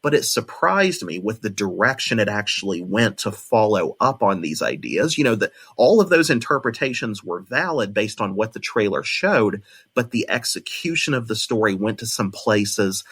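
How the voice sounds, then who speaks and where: Husky-voiced man hosting a podcast. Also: lowish voice, big pitch swings, normal speed, a bit bright. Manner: analytical, thoughtful, repeats words when restarting. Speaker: podcast host. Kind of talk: solo podcast commentary.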